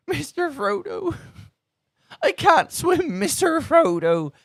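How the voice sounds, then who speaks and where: A man doing Samwise as a squeaky pirate. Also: very animated, extremely slow, no room sound, clean studio sound, exaggerated voice. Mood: pleading. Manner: high, strained, pleading pirate voice. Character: timid hobbit gardener trying to be a pirate.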